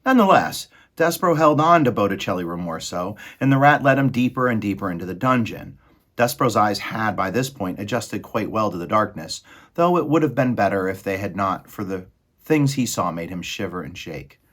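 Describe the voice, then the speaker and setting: A man reading a children's novel aloud in an expressive, dramatic way. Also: on the low side, fairly quick. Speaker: storybook reader.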